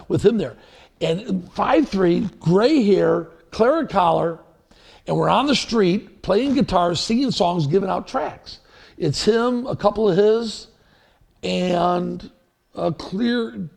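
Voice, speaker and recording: A male pastor preaches in a church, drifting through personal stories with false starts and asides. His voice sits high for a man and has a husky, breathy edge. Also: a little mellow. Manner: anecdotal, rambling with restarts and chuckles. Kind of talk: sermon. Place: church sanctuary.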